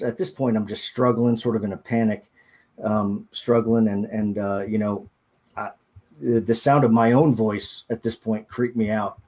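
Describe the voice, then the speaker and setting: A man, a podcast guest, recounting a personal ordeal in a halting, hesitant way, often restarting his sentences. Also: lowish voice, a little mellow, husky. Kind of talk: personal storytelling in an interview.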